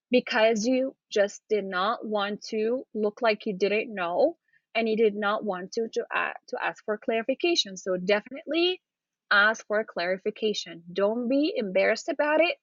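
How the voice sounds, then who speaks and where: A woman's voice: fairly high pitch, no room sound, highs cut off. A woman coaching viewers on interview manners, often checking in with "okay?" and "right?" as she demonstrates. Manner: encouraging, repeats "okay?" and "right?". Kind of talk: demonstrating to camera.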